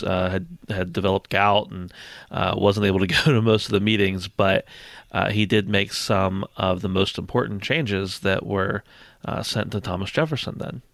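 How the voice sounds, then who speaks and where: A man's voice: fairly low pitch, gravelly, a bit bright, no room sound. A man co-hosting a casual history podcast, joking and acting out historical figures in silly voices. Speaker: podcast co-host.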